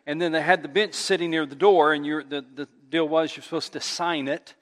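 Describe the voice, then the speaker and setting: A man preaching as a pastor, telling a funny story with animated delivery before his sermon. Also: a little high, fairly quick. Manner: animated storyteller who laughs at his own tale. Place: church sanctuary. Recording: long church reverb.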